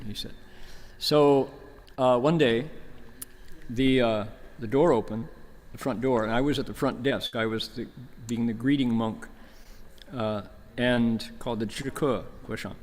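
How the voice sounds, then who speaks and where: An older man speaks as a monk giving a dharma talk, telling a story in an easy, anecdotal way and voicing the people in it. His voice sits at an ordinary middle pitch. It rings with the long reverb of a large temple hall. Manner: relaxed anecdotal storytelling with quoted dialogue. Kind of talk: storytelling lecture.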